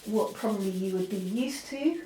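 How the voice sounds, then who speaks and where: A woman's voice: mid-range voice, animated, moderate pace, dark tone. Woman art teacher demonstrating at the easel, chatty and apologetic, mic at a distance in an echoey room. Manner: chatty, full of fillers, apologetic asides. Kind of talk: drawing lesson demonstration. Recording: roomy, from a distance, faint noise.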